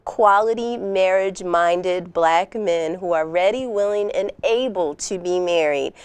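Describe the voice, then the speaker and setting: A woman's voice: lowish voice, unhurried, clean tone, no room sound. A woman guest on a TV talk show, explaining her women's group with confident, earnest speech. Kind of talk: TV studio interview.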